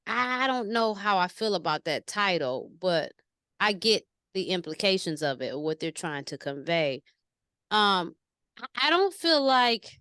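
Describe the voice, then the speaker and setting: A woman chatting casually in an interview, telling stories in an animated, slangy way and asking questions. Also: medium pitch, clean tone, dry recording, clean studio sound. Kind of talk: casual conversation.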